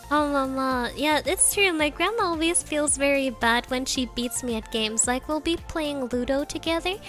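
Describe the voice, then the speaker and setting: A young woman chats and tells stories on a livestream. Her voice is high and bright, and she scatters fillers and little Japanese words through her talk. It has an animated, rambling flow. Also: a little slow, soft background music. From Germany. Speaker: streamer. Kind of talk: casual livestream storytelling.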